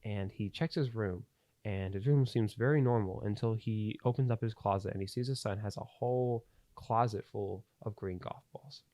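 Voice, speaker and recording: A man's voice: lowish voice, moderate pace, dark tone, no echo. A young man hosting a podcast, telling a long story in a rambling way with plenty of fillers and restarts. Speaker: podcast host. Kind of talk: casual storytelling. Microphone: studio podcast mic.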